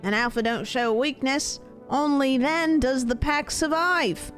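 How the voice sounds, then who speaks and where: A ruthless, preachy pack leader in a game, talking in a wobbly attempted British accent, as a woman puts him on. The voice sits high and a little thin for a tough man. Faint game music plays behind. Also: measured pace. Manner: preachy, shaky put-on accent.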